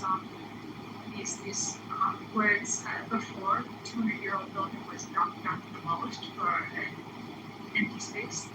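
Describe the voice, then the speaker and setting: A woman calling in, speaking haltingly with many fillers and restarts. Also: mid-range voice. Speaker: caller. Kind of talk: casual comment. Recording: distant echoey pickup, loud noise.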